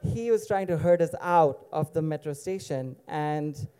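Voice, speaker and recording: Man with a very dark, smooth voice. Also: fairly high pitch, measured pace. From Dubai. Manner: casual, digressive, with wry asides. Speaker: storyteller. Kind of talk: live personal storytelling.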